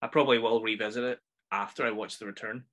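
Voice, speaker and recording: A man's voice: on the low side, fairly even intonation, quick pace, fairly bright tone. A man with a Northern Irish accent hosting a casual film review podcast, chatty and enthusiastic as he rambles through his thoughts. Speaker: podcast host.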